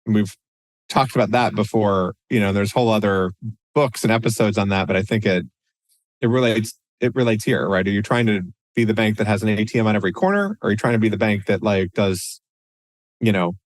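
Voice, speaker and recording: Low-voiced man co-hosting a podcast, dry sound. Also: no room sound. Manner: conversational, many restarts and "you know"s. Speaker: podcast co-host. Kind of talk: casual podcast discussion.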